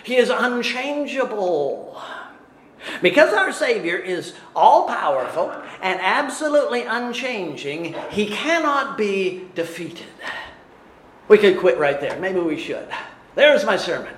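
A man preaching from the pulpit with a fairly high voice that rises and falls widely. He takes his time over each phrase and laughs at his own slips. His words ring out in a roomy, echoey hall. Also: sing-song, takes it slowly. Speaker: pastor. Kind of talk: sermon.

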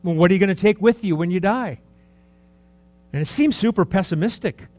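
A man in his early sixties preaching a sermon in a conversational, rambling way, full of rhetorical questions, dropping to soft asides and rising for emphasis. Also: sits high, fairly quick, soft background music. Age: 60s. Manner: lively, swings between soft asides and raised emphasis. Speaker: pastor.

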